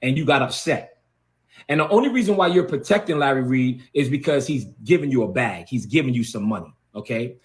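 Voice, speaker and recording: A man's voice: medium pitch, lively intonation, a little fast. A man, a bishop, delivering a heated, confrontational video rant and repeating words for emphasis.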